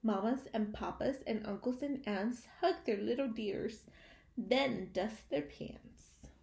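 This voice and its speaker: A woman reading a picture book aloud to young children, slow and animated, stopping to ask her listeners questions. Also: a little high, gravelly, roomy sound.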